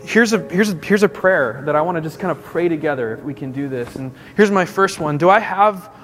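A man's voice: fairly high pitch, animated, a little fast, fairly bright tone. A man in his thirties, a pastor preaching a sermon and telling a story, his voice rising in intensity as he goes.

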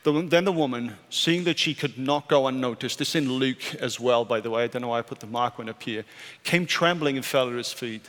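A male pastor preaching a sermon, moving between urgent raised questions and quiet, hushed statements. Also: mid-range voice, brisk. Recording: church hall reverb with soft music.

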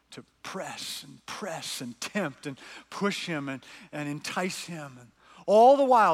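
A man preaches with earnest storytelling, reading passages aloud to his listeners. His voice sits a little high, and a long reverb of a large hall rings after his phrases. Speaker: pastor. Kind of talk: sermon.

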